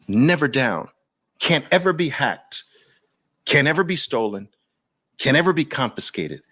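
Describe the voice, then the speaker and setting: A man's voice: medium pitch, big pitch swings, a little slow, bright, forceful tone. A man with a New York accent hosting an impassioned monologue, preaching fervently in repeated rhetorical questions and lists. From Brooklyn. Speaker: host.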